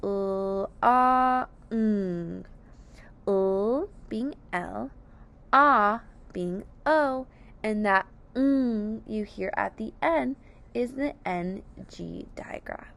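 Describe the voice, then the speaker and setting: A woman's voice: on the high side, expressive, extremely slow, creaky, a bit bright. A woman teaching a phonics lesson, sounding out each word syllable by syllable with careful, over-enunciated speech. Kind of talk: slow, deliberate phonics lesson.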